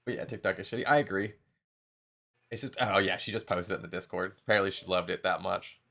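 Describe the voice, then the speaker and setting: Creaky-voiced man streaming games. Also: sits low, fast talker, sharp tone. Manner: loose, swears casually, laughs often. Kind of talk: casual gaming chat.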